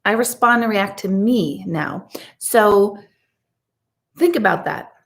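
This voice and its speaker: A woman medium talking casually and emphatically to her viewers on a live stream, chatty and animated. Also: medium pitch, slow pace, vocal fry. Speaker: intuitive medium.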